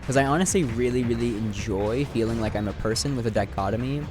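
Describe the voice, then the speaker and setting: A man's voice: medium pitch, fast talker. Rambling young man musing over gameplay. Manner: rambling, filler-heavy, swears casually. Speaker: gaming video creator. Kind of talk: reflective talk over gameplay. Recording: background game music.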